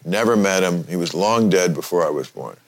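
Wry older man, lively pitch. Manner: wry, halting, laughs often. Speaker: podcast host. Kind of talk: casual chat.

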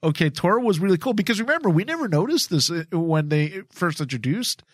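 Excitable high-voiced male podcast co-host. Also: dry recording, studio quality. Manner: excitable, animated, quick to agree and laugh along. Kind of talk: casual podcast discussion.

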